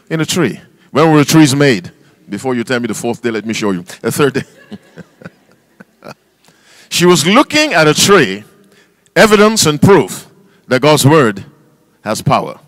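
Man, pastor, sermon, call-and-response questions, animated pitch, dry sound. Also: no room sound. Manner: reads scripture aloud in King James wording; emphatic, spells out words for stress.

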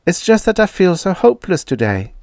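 A man voicing a frustrated, sharp-tongued woman linguist, lifting his voice high and snapping out her lines. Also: very animated, a little fast, no room sound, studio quality. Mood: exasperated. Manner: raised, snappish.

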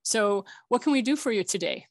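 A chatty woman hosts a casual online networking call, joking and laughing between introductions. Her voice sits at an ordinary middle pitch and sounds dry and close, with no room around it. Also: expressive, brisk, no echo. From Colorado. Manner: chatty, jokey, laughs often. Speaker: host.

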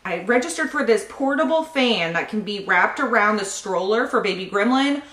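A woman's voice: mid-range voice, expressive, moderate pace, a bit bright. A pregnant young woman chats casually in a vlog, giggling and gushing as she opens gifts. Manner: giggly, gushing, often laughing. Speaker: YouTube vlogger. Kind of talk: casual unboxing chat. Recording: roomy echo.

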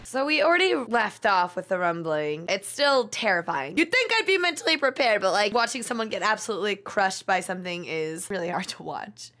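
Young woman, anime reaction host: bright, sharp tone, emotional and excitable, shrieks and laughs. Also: mid-range voice, a little fast, hardly any pauses. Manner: emotional, swears, shrieks and laughs between lines.

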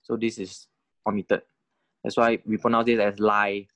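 A man teaching a language lecture in a measured, deliberate way, often checking in with the listener. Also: on the low side, level tone, fairly bright tone, no echo. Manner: deliberate, keeps checking in with "right?" and "correct?". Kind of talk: recorded lecture.

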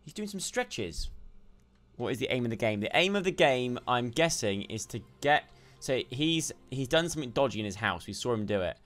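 A young man doing let's play commentary, excitable and jumpy, yelping and shouting when startled. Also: medium pitch, fairly quick, few pauses. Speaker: gaming YouTuber.

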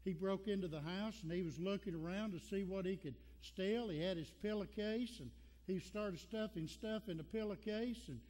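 A man's voice: high-pitched, moderate pace, darkish tone. A man with a Southern American accent preaching a Sunday sermon as pastor, folksy and storytelling, repeating lines for emphasis. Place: church sanctuary. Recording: long church reverb.

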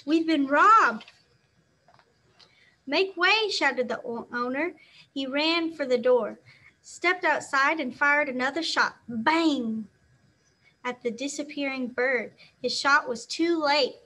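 A woman teacher reading a children's novel aloud, expressive and acting out the sound words. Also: high-pitched, slow pace.

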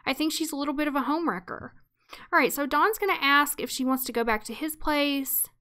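A woman with a high, bright, forceful voice talks briskly while hosting a let's play of a life-sim game. She chats and narrates the story with amusement, mixing casual game commentary with storytelling.

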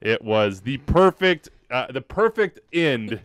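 A man's voice: medium pitch, sing-song, takes it slowly, clean tone, dry recording. A man hosting a soccer show in casual chat, self-deprecating and rambling, often laughing as he talks. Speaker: soccer podcast host.

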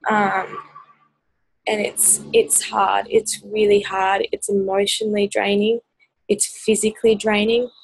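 An exhausted Australian woman talks straight to camera in a personal vlog, her voice low on energy and gravelly with fry. She speaks in a flat, even line, stopping often on ums as she searches for words. The sound is dry and close. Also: unhurried, no room sound, rough recording. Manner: hesitant, full of ums, earnest. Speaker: vlogger.

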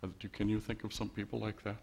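Wry, conversational pastor with a low voice. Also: male voice, completely flat delivery, fast talker, vocal fry, darkish tone, slightly rough. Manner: conversational and wry, with rhetorical questions. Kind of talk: sermon. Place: church sanctuary.

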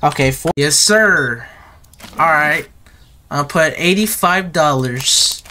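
Hyped, bright-voiced young gamer guy. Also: fairly high pitch, takes it slowly, a little hiss or hum. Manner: excitable, slangy, rambling, talks to viewers. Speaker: gaming video creator. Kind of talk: casual gameplay commentary.

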